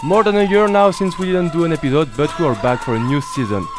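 A man's voice: on the high side, quick pace. A man with a French accent, a native French speaker, hosting a radio show and opening it with playful energy and wordplay. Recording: music playing under the voice. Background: music.

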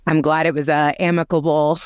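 A podcast host asking gentle, empathetic interview questions. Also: mid-range voice, little pitch movement, a little fast, clear, resonant tone, no echo, studio quality.

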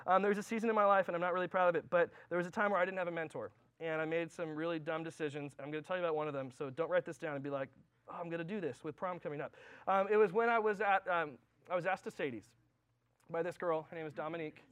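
A young man giving a youth sermon, telling personal stories in an animated way with lots of fillers. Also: fairly high pitch, rapid-fire, clean tone. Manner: animated storytelling with many fillers. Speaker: youth pastor.

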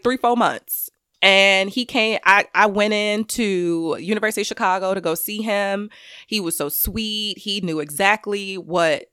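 A woman giving an intense personal monologue to camera, swearing freely and swinging between loud anger and quiet grief. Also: medium pitch, clean tone, no room sound, studio quality. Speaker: commentator speaking to camera.

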